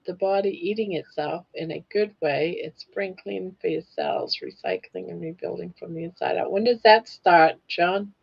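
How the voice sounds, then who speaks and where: A woman's voice: fairly low pitch, very animated, normal speed, vocal fry, hardly any pauses, husky, lo-fi sound. An older woman co-hosting a casual live-stream chat over a video call, cooing fondly at a dog now and then. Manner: coos affectionately at a dog. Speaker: co-host.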